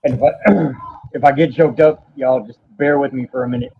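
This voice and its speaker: A man, a podcast guest telling a painful personal story in a halting, profane way, stopping now and then to steady himself. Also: medium pitch, gravelly, husky. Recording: dull lo-fi audio.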